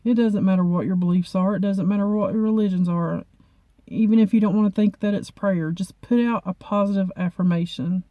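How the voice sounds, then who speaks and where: A woman vlogger talking to camera in a halting, heartfelt way, often repeating herself. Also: mid-range voice, fairly even intonation, no echo, narrow, tinny audio. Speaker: beauty vlogger. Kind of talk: personal talk to camera.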